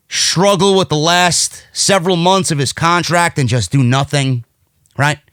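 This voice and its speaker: A man with a New York accent reviewing a wrestling show in casual, blunt commentary, swearing freely as he gets excited. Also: sits high, clear, resonant tone, no room sound, clean studio sound.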